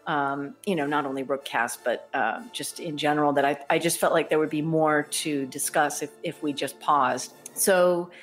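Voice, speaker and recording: A woman's voice: low voice, steady tone, normal speed, hardly any pauses, faint music behind. A woman voice actor chatting enthusiastically as a podcast guest, laughing often. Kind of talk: casual podcast interview.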